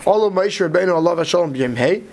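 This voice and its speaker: A man teaching a study class, talking quickly and checking in with "right?" as he explains. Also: high voice, animated, darkish tone, slight background noise. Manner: quick, mixes Hebrew terms into English, many "right?" checks. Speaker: Torah teacher. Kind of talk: Talmudic study lecture.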